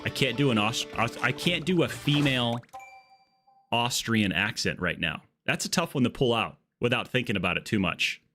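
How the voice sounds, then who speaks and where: This livestream gaming host talks at normal speed in an animated, mid-range voice that sounds bright and forceful. With faint music behind him and an earbud mic, he jokes, rambles and goes off on tangents during casual gameplay chat.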